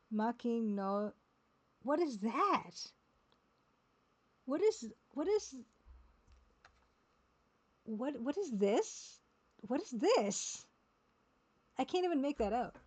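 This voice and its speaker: A woman streaming a game live, talking casually and haltingly as she sounds out words one by one. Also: on the high side, big pitch swings, darkish tone.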